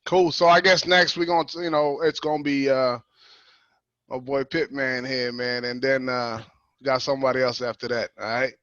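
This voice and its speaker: A man's voice: medium pitch, steady tone, normal speed, fairly bright tone, dry recording. A man hosting a group call, praising speakers and urging the chat to engage in a hyping, encouraging way. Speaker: call host. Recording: dry, muffled call audio.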